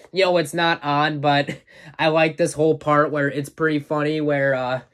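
Rambling, enthusiastic man with a higher voice. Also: a bit bright. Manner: rambling plot recap, full of "uh" and "you know"; enthusiastic fan, chuckles often. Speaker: movie reviewer. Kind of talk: casual spoken movie review.

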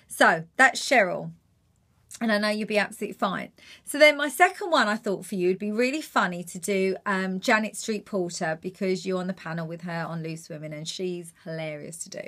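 Bright-voiced Geordie woman impressionist. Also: mid-range voice, expressive, moderate pace. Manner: chatty and encouraging. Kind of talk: impressions tutorial.

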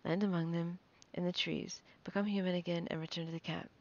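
A protective mother dragon barking urgent orders in a low, gravelly voice, voiced by a woman reading aloud. The sound is dull and lo-fi. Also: flat delivery, brisk, a little mellow, natural voice. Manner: urgent commanding. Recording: dull lo-fi recording.

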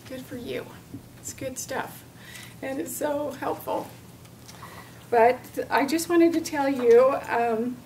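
High-voiced woman telling an earnest story. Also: a little mellow, distant mic, slight background noise, low-quality recording. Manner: earnest, storytelling, frequent fillers. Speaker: parent specialist speaker. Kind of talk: personal testimony talk.

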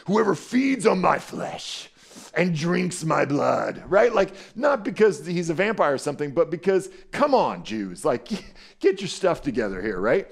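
A middle-aged man preaching a conversational sermon as pastor, playful and animated, often checking in with "right?" and acting out scripture quotes. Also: on the high side. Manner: acts out scripture quotes dramatically.

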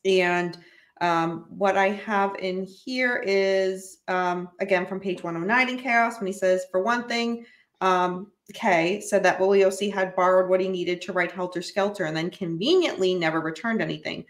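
A woman's voice: mid-range voice, normal speed, echoey room. A woman co-hosting a podcast, talking matter-of-factly and reading passages aloud steadily. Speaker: podcast co-host. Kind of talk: casual chat and reading excerpts.

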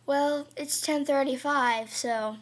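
A woman playing a jittery 32-year-old man camping in his own room in a homemade comedy video, talking in a hushed whisper that breaks into panicked shrieks. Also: high voice, steady tone, slow pace. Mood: hushed, nervous.

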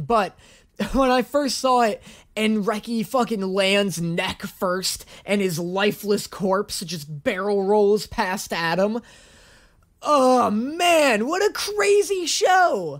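A man hosting a reaction video, talking casually with animated, profane, joking rants. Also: high voice.

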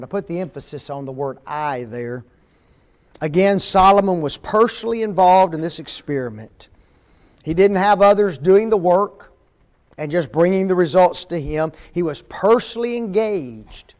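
A high-voiced older man preaches a sermon in a church. He talks in a folksy, conversational way and keeps putting questions to the congregation. When he reads scripture he slows down and leans on the words. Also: lively intonation, a little mellow. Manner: reads scripture slowly and emphatically. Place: church sanctuary.

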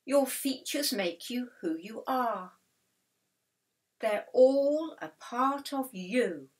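A kindly cockroach doctor from a children's storybook soothes her patients in a calm, reassuring voice. A woman reads her lines gently. The pace stays slow and even. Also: on the high side, pitched above the performer's own voice.

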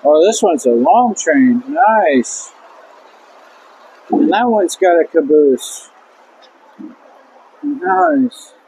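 A man filming on a handheld camera at an indoor museum exhibit, making slow, awed remarks in casual vlog chat. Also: fairly high pitch, animated, dark tone, a little hiss or hum, poor audio.

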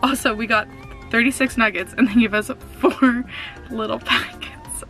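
A young woman talks casually to her viewers from a car, rambling along with fillers and small laughs. Her voice sits a little high. Soft music plays faintly underneath. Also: fairly even intonation, moderate pace. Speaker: vlogger. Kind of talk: casual vlog chat.

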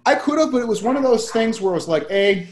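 A man's voice: very high-pitched, expressive, quick pace, a little mellow, echoey room, slight background noise. A man co-hosting a webinar, telling stories in a loose, rambling way with lots of filler words, over a video call. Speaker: co-host. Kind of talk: casual chat, storytelling.

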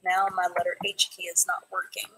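A woman teaching a live online reading class, reading students' sentences from the chat and praising them slowly and clearly. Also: fairly low pitch, completely flat delivery, bright, forceful tone, poor audio. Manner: encouraging, slow and clear, praising students by name.

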